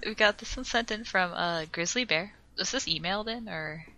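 A woman's voice: mid-range voice, normal speed, pushed and bright, dry recording, low-quality recording. A woman co-hosting a casual podcast, reading out listener letters in a wry, blunt way. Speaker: podcast co-host.

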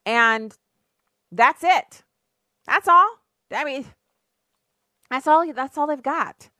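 A woman's voice: sits high, expressive, takes it slowly, sharp tone, no room sound, studio quality. A woman hosting opinionated political commentary, sarcastic and emphatic, with rhetorical questions.

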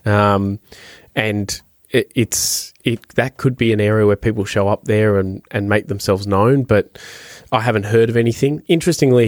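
A man co-hosting a golf podcast in casual chat, animated and restarting his phrases as he thinks. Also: lowish voice, no room sound, clean studio sound. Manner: animated, repeats words while thinking.

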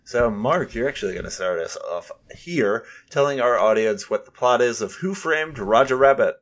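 A man's voice: mid-range voice, lively intonation, moderate pace. A man hosting a casual movie podcast, playful and jokey, tripping over his words now and then. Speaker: podcast host.

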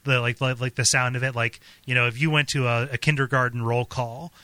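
A man's voice: medium pitch, flat delivery, fairly quick, sharp tone, no echo. A man co-hosting a podcast in casual chat, stammering and repeating his words and laughing often. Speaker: podcast co-host.

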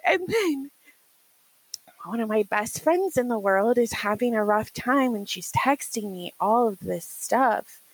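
A young woman telling stories in a casual podcast chat, animated and laughing often, acting out what others said. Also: fairly high pitch, measured pace, husky, low-quality recording. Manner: animated, acts out quoted voices, laughs often.

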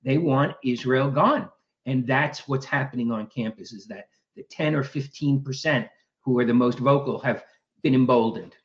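A man's voice: mid-range voice, normal speed. Male interview guest, earnest and methodical, heard over a dull remote line. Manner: earnest, steady, builds arguments point by point. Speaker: guest commentator. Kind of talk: radio interview.

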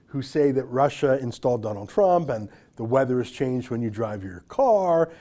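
A man's voice: mid-range voice, lively intonation, moderate pace, warm tone. A man delivering an opinion monologue as a political commentator, sarcastic and incredulous, firing rhetorical questions.

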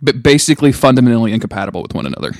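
Podcast dude, bouncy pitch, riffs jokes, dry close mic. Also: male voice, very animated, no room sound. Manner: jokey, quick with riffing bits. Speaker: podcast co-host. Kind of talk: casual chat.

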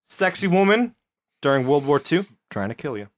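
A man's voice: on the high side, big pitch swings, moderate pace. A man hosting a comedy podcast, telling a history story casually with crude asides. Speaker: podcast host.

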